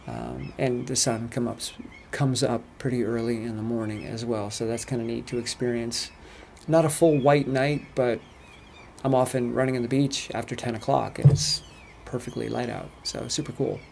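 Gravelly American man vlogging. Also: medium pitch, normal speed, a little hiss or hum. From United States. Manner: relaxed, chatty storytelling with laughs. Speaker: travel vlogger. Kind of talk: casual vlog commentary.

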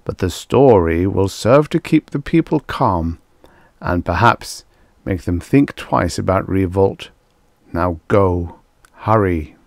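A man voicing a calm, cunning emperor in an audiobook, speaking evenly and quietly, with a mocking edge. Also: low-pitched, slow, vocal fry, dry recording, exaggerated voice.

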